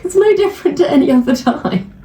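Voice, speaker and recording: A woman co-hosting a podcast in casual chat, laughing often and dropping her voice low for emphasis. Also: lively intonation, brisk, warm tone. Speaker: podcast co-host. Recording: distant mic with faint hiss.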